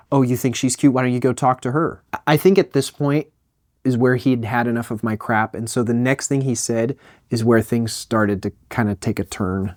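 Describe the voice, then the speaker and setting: A young man tells a funny personal story with animated energy, tossing in self-deprecating asides. His ordinary middle-pitched voice is recorded close and dry, with no room sound.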